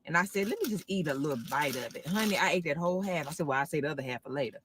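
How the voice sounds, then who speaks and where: Bright-voiced woman gushing in her car. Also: deep voice, slight background noise. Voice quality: animated southern-style preacher cadence, drawn-out exclamations. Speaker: food video creator. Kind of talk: casual selfie video review.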